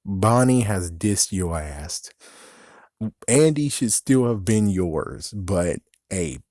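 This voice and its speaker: A man's voice: deep voice, animated, takes it slowly, warm tone, dry recording, clean studio sound. A man ranting through a movie review, exasperated and swearing constantly.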